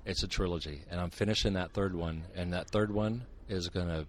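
Older man, very low voice, from Montana, wry joking guest, faint background hiss. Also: a little fast. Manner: joking, sarcastic, animated storyteller. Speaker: guest, author and Bigfoot researcher. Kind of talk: casual podcast interview.

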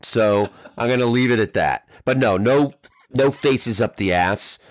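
A man's voice: mid-range voice, a little slow, dry recording, studio quality. A man co-hosting a podcast in casual banter, blunt and wry, steering the talk along. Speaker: podcast co-host.

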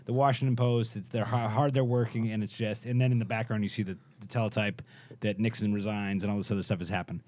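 A man co-hosting a casual podcast, who tells things in a relaxed way with frequent "uh"s. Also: lowish voice, fast. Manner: relaxed storyteller, often says "uh". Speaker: podcast co-host.

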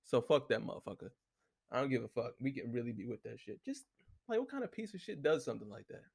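A man with a fast, lively delivery and a gravelly, slightly rough yet a little mellow mid-range voice rants casually about sports while reading from his notes. Working alone, he's heated and profane, filling gaps with "you know what I'm saying."

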